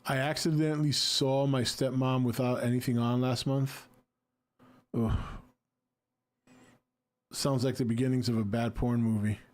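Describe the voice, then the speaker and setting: A man's voice: mid-range voice, steady tone, normal speed, few pauses. A man in his forties hosting a casual livestream, reading and answering chat with a laid-back, jokey manner.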